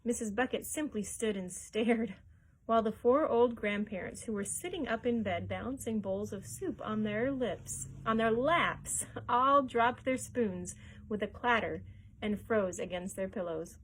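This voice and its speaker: A woman reading a chapter book aloud for a library story time, expressive and lively, chuckling along. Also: a little high, a little slow, a little hiss or hum.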